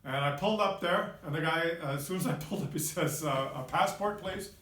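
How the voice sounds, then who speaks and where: A man from Canada telling a personal story in a casual, animated way, exclaiming and using lots of filler words. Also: on the high side, fast, distant mic. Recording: echoey room, off-mic.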